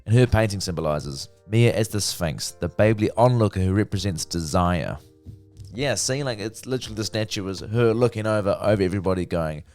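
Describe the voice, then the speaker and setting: A man's voice: fairly low pitch, brisk, soft background music. A man giving a casual, profane, chatty review of a TV series. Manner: chatty, profane, lively retelling. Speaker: TV review vlogger.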